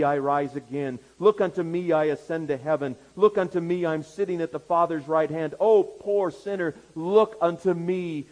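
A man's voice: on the high side, darkish tone, voice pushed up, close to an everyday voice, low-quality recording. A man doing a fervent lay preacher with an Essex accent. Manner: fervent, insistent pulpit exhortation. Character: thin, plain-spoken male lay preacher, fervent.

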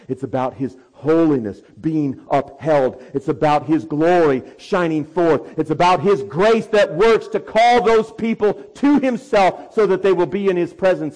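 Fervent male pastor preaching a sermon. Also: fairly high pitch. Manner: dynamic, swings from quiet asides to loud fervent proclamation.

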